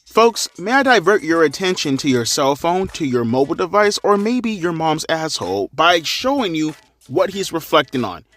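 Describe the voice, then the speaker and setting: A man's voice: a little high, sing-song, moderate pace, a bit bright, soft background music. A young man hosting a crude, sarcastic rant commentary, cursing heavily. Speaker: commentary channel host.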